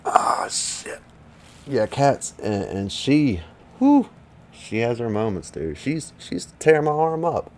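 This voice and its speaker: A man's voice: medium pitch, sing-song, slow, slight background noise. Profane, rambling man streaming. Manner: rambling, profane, talks back to viewers. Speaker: livestreamer. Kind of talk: casual livestream chat.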